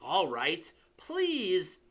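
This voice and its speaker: A man voicing a grumpy old male school caretaker who speaks gruffly and demands answers. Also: high-pitched, wildly swooping pitch, very slow, fairly bright tone, exaggerated voice. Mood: gruff demanding.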